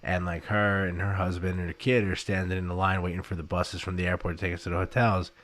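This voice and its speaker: A man's voice: low voice, level tone, quick pace, a bit bright. A man in his thirties, a podcast guest, telling chatty stories and acting out what people said. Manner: chatty storyteller, acts out quotes. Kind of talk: casual chat.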